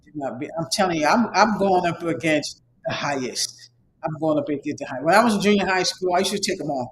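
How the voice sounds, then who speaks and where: Instructor, male, high-pitched, casual and repetitive, a touch of faint background noise. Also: animated, fast talker, low-quality recording. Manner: rambling, repetitive, emphatic pep talk; casual, conversational. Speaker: online course instructor. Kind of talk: motivational talk to students.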